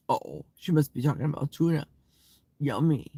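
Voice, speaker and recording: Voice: mid-range voice, huge pitch swings, measured pace, pauses often, darkish tone, breathy edge, dry recording. An older host chatting playfully on a live stream, reading viewer comments aloud with gasps and sing-song asides. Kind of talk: casual live chat.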